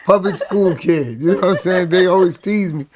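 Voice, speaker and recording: A man's voice: high voice, brisk, background noise. A man hosting a casual chat show, joking and boastful, often tagging lines with "you know what I'm saying". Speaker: podcast host.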